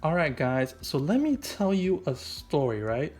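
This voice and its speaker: A man's voice: a little high, sing-song, a little slow, a little mellow, husky, faint music behind. A man doing an improvised comic voice-over, rambling and goofy, packing his talk with "like" and "right?". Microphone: voice-over mic.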